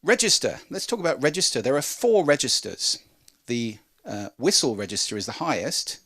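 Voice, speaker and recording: A man presenting a talk on how to speak, demonstrating with lively changes of pitch and volume. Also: normal speed, husky. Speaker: speaker on voice and communication.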